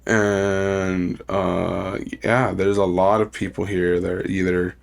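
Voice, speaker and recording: A young man with a lowish voice co-hosts a casual podcast. He is sick with a cough. He rambles in a relaxed way, leans on "like" and "you know", and laughs often. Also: slow pace, vocal fry. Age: young adult. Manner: laid-back, rambling, laughs often, says "like" a lot. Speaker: podcast co-host. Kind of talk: casual chat.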